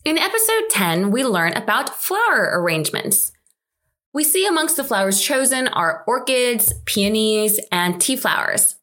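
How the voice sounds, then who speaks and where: A woman's voice: on the high side, very animated, a little slow, pushed and bright. A woman hosting a drama recap, narrating scripted commentary in a wry, chatty, lightly sarcastic way.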